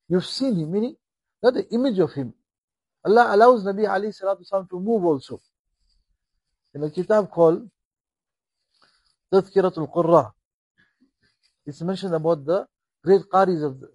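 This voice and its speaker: Guy giving a sermon, husky, high voice, gets loud then drops soft, dry close sound. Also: dry recording, rough recording. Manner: impassioned, rising and falling in volume, acting out dialogue. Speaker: preacher.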